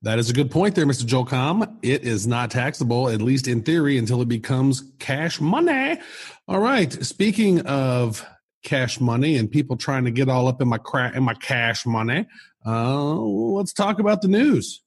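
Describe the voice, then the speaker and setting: A man's voice: medium pitch, expressive, moderate pace, husky. A man co-hosting a casual podcast, explaining step by step in a playful way. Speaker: podcast co-host.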